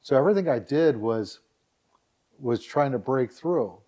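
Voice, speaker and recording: A man's voice: mid-range voice, measured pace. A man being interviewed on a podcast, telling stories casually and acting out quotes with animation. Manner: animated, acts out quotes in a raised voice. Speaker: guest, dating site founder.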